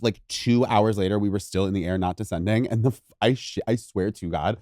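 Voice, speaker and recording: A man's voice: fairly low pitch, brisk, darkish tone, no room sound, studio quality. A man co-hosting a podcast in casual chat, teasing his co-host and laughing often.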